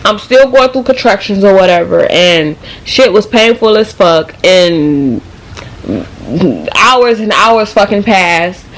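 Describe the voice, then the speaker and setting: A young woman vlogger telling a casual, profanity-laced story in slang, animated and fast-moving. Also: mid-range voice.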